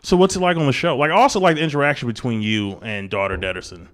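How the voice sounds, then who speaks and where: A man's voice: mid-range voice, fast, fairly bright tone. A male host in a casual interview, joking and rambling with many fillers.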